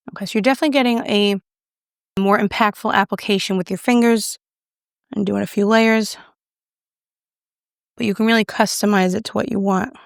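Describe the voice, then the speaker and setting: A woman's voice: medium pitch, vocal fry, no room sound, clean studio sound. A young woman casually reviewing makeup, chatty and self-deprecating as she applies it on camera. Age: young adult. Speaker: beauty YouTuber.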